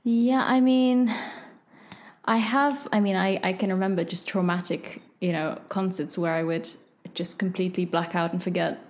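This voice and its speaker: A woman's voice: fairly low pitch, steady tone, moderate pace. A woman who is a pianist speaking reflectively in a casual podcast chat, searching for her words.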